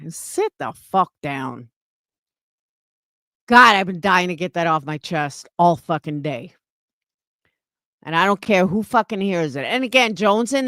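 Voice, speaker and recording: A woman's voice: mid-range voice, a bit bright, no room sound, clean studio sound. A woman in her thirties ranting on a live stream, blunt, indignant and heavy on swearing. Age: 30s. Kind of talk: heated live-stream rant.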